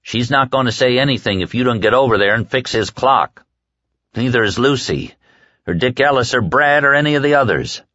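A man voicing an injured man from East Texas, calm and firm in a plain-spoken drawl. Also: medium pitch, brisk, no echo, pitched above the performer's own voice. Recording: dull lo-fi dry recording.

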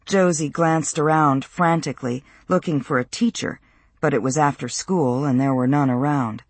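A man narrating a novel in a measured, even storytelling voice. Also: a little high, no echo. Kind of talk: audiobook narration.

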